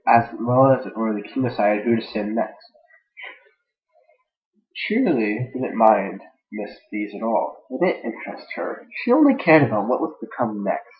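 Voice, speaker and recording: A man's voice: on the low side, lively intonation, unhurried. A man casually reading a fan-fiction story aloud without edits, rambling with jokey asides and stumbling over words, on a dull lo-fi home mic.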